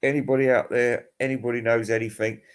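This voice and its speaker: A man's voice: medium pitch, level tone, fast talker. Tired, profane man ranting. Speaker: music vlogger. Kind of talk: casual rambling monologue.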